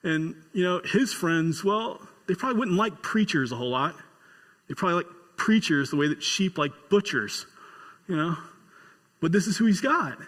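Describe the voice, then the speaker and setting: A male pastor delivers a story-driven sermon with homespun humor and bursts of excited emphasis. His voice sits somewhat high for a man, and a long church reverb hangs after each line. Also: normal speed.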